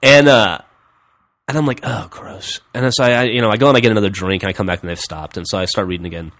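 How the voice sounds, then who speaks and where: A man on a podcast, casually telling a long story in a rambling, deadpan way, his voice dropping quiet for quoted lines. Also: lowish voice, racing. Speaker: podcast host.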